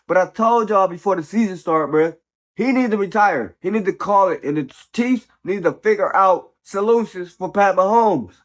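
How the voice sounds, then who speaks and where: Man, somewhat high voice, casual sports commentary host, slangy, profane, blunt, a little sick. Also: moderate pace. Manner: slangy, profane, peppers lines with "bro" and "man"; blunt, opinionated. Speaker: host of a football commentary channel.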